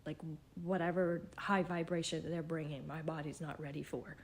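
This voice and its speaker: A self-described psychic woman, tearful and shaken, talking in a halting, half-whispered voice in an emotional spiritual vlog. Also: deep voice, steady tone, a little hiss or hum.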